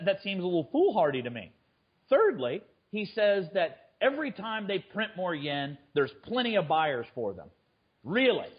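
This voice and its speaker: Man, trader guest, husky, stammering restarts, muffled lo-fi sound. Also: high voice. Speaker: guest, fund manager and trader. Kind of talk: conversational interview.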